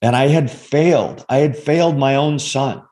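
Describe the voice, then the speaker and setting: A man in his sixties, a former undercover agent as interview guest, telling a personal story in a halting, earnest way with many restarts. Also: mid-range voice, darkish tone. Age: 60s.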